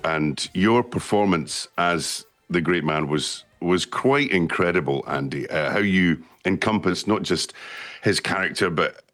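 A man hosts a radio interview from the studio, and his voice sits very low. He asks gushing questions in stops and starts. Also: fairly bright tone. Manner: effusive, halting questions. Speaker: radio host.

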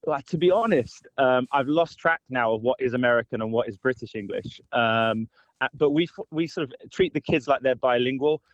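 A man from Scotland chatting as a guest on a radio phone-in, easygoing and relaxed with lots of hesitations. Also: mid-range voice, normal speed, no room sound, rough recording. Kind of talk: casual chat.

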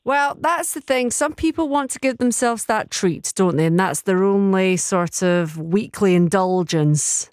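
A woman's voice: medium pitch, lively intonation, measured pace, few pauses, clean tone, dry recording. Welsh female presenter, hesitant but accommodating with callers, dry studio sound. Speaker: radio presenter. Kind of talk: radio phone-in chat.

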